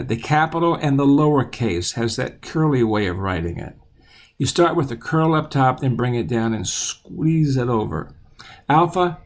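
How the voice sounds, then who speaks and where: A man teaching children the alphabet, patiently repeating each letter aloud in a steady voice. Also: medium pitch.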